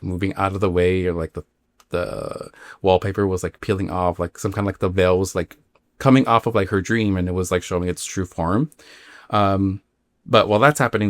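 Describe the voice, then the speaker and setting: A man's voice: lowish voice, dry recording. A man hosting a spooky podcast, casually retelling a listener's dream story with rambling asides and many fillers. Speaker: podcast host.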